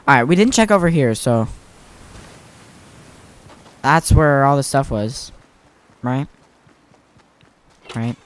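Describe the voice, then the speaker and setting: Young man, gameplay commentary, bouncy pitch, faint background noise. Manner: excitable, self-mocking, repeats phrases. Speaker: gaming YouTuber.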